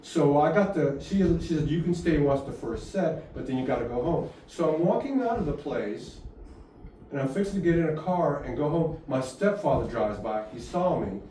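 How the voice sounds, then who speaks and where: A man's voice: fairly high pitch, lively intonation, moderate pace, dark tone. Older man telling stories. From Houston, Texas. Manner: rambling, laughs often. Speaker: guest musician. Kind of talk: storytelling in conversation. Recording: echoey room, far from mic, faint noise.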